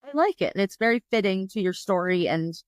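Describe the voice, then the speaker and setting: An upbeat woman from upstate New York hosts a casual podcast chat, chatty and full of easy fillers. Her voice sits at a middle pitch. The recording is dry and close, with no room sound. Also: lively intonation, brisk, clean tone, no room sound. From New York State, USA. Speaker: podcast host.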